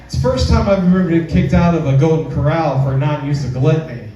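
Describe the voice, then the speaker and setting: A man performing a live stand-up comedy set, telling stories in a slow, drawn-out way and switching into high, squealing voices when he quotes the women. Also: dull audio, crowd noise. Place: small comedy club stage. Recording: distant mic in an echoey club.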